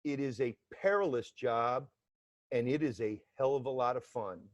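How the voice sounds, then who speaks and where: A man's voice: medium pitch, normal speed, dry recording, highs cut off. Blunt man with a New York accent. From Atlanta, Georgia, US South. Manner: blunt, streetwise, wry humor. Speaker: guest, former FBI undercover agent. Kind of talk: casual interview talk.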